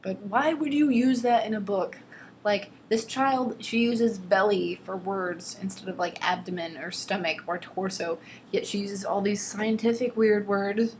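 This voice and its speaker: A woman's voice: mid-range voice, a little slow, a little mellow, slight background noise. A young adult woman reviewing a novel in a vlog, mocking and exasperated as she reads passages aloud with overdone drama. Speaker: vlogger reading a novel aloud. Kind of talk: casual sarcastic book commentary.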